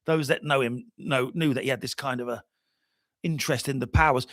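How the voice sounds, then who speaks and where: A jet-lagged man hosting a casual livestream chat, telling stories in an animated way, trailing off and restarting often. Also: mid-range voice, brisk, dry recording, clean studio sound. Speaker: livestream host.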